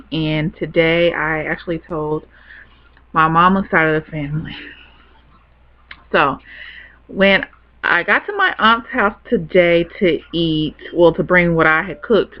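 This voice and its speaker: A young woman telling a personal story in a rambling, chatty way, laughing easily. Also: on the low side. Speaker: vlogger. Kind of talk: casual storytelling to camera. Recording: dull lo-fi webcam audio.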